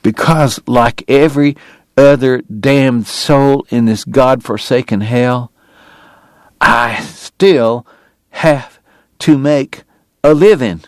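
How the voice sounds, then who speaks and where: A man's voice: medium pitch, measured pace, no echo, studio quality, pitched above the performer's own voice, close to an everyday voice. A man voicing a bitter, ailing frontier dentist who speaks in a formal, biting and strained way. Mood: pained. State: sick, coughing.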